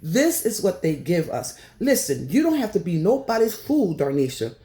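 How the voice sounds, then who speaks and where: A woman's voice: on the low side, sing-song, normal speed, few pauses, mellow. A woman hosting her own channel, giving casual commentary straight to her viewers in an emphatic, repetitive way. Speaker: YouTube commentary host.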